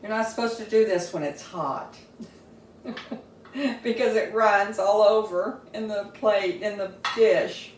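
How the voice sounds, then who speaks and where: In a casual cooking video, a woman shows off a family recipe at home, sampling her food between friendly, homey remarks. She talks at a slow pace in a mid-range voice, sounding a bit off-mic and distant in the echoey kitchen, with a faint hiss or hum.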